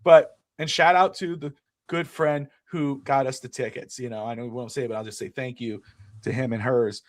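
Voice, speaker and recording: A middle-aged man co-hosting a casual sports talk show, ranting with animated energy and swearing freely. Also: mid-range voice, normal speed, no room sound, studio quality. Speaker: podcast co-host.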